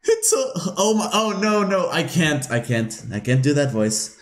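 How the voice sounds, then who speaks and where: A man's voice: on the high side, sing-song, unhurried, background noise. A man casually commenting as he plays a video game, chatty and self-mocking. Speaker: let's play host. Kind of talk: casual let's play commentary. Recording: roomy room with game music.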